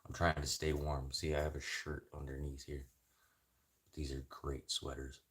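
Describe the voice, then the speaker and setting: A man from Canada hosting a casual livestream chat, swearing freely and rambling between topics with sudden loud bursts. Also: very deep voice, little pitch movement, moderate pace. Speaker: livestream host.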